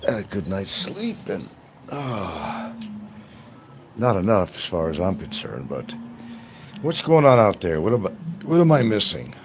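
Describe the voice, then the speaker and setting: Very animated but a little slow, a low-voiced man wanders from topic to topic while chatting with viewers on his live stream. Ambient noise is audible behind him throughout.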